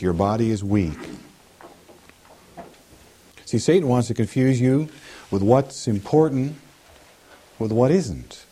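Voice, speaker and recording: A man preaching a sermon in an animated way, with humorous asides. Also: mid-range voice, unhurried, pauses often, a little hiss or hum.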